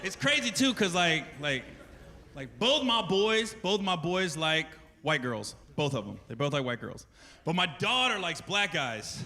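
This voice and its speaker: A man in his forties doing a profane stand-up comedy set, telling animated stories in put-on voices. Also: on the high side, a little slow. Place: large theater stage before a laughing audience. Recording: live concert recording with loud crowd and long reverb.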